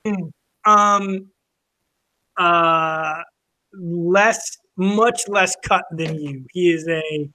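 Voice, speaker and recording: Bright-voiced rambling man telling a story. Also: high-pitched, extremely slow. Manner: rambling storytelling, many fillers and restarts. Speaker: podcast co-host. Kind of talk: casual chat over drinks.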